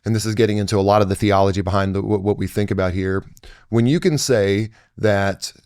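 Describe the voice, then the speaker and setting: A man's voice: lowish voice, steady tone, brisk, a little mellow, clean tone, no echo, clean studio sound. A man speaking as a podcast guest, telling stories in an earnest, emphatic way with frequent restarts. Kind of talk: conversational storytelling.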